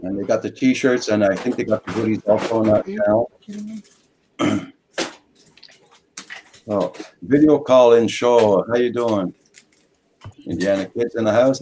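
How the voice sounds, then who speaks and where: An upbeat man hosts a live video call-in chat, welcoming viewers one after another. His voice sits somewhat low, with faint noise in the background. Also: darkish tone. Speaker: host of a video call-in show. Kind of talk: casual chat.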